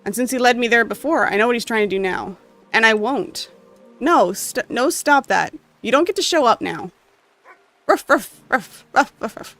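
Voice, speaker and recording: A gamer reading a story game's text aloud with emotional, expressive delivery and occasional asides. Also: mid-range voice, moderate pace, soft background music. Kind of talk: dramatic reading of game text.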